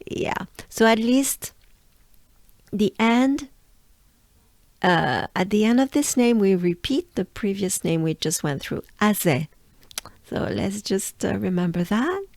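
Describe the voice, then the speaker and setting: A woman with a French accent coaches listeners through pronunciation at an unhurried pace. She repeats each sound several times and draws the vowels out. Her voice sits at a middle pitch, recorded dry and close. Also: expressive, darkish tone, dry recording. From France. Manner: slow, drawn-out repetition of sounds. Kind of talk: pronunciation lesson.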